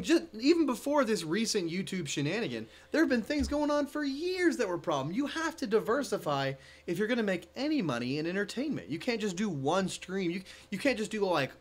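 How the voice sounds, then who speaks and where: A man's voice: high voice, sing-song, fairly quick, hardly any pauses. A man hosting a casual podcast, chatting at a table with a co-host in a teasing, wry way. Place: small room at a table.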